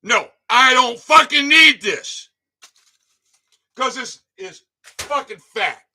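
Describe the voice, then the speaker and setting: A man hosting a livestream, delivering an angry, swearing rant that breaks into shouting. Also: very high voice, lively intonation, takes it slowly. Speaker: livestream host. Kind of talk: profane ranting livestream. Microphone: desk mic, sometimes too close.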